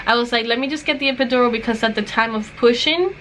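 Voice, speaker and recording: A woman's voice: on the high side, quick pace, fairly bright tone, slight background noise, low-quality recording. A young woman chatting casually to her vlog viewers, telling a story and acting out what others said. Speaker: vlogger.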